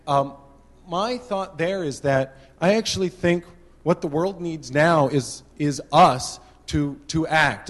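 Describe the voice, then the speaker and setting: A man speaking earnestly to a conference audience, with many hesitations. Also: fairly high pitch. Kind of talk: exhorting speech to an audience. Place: large conference room. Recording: long hall reverb.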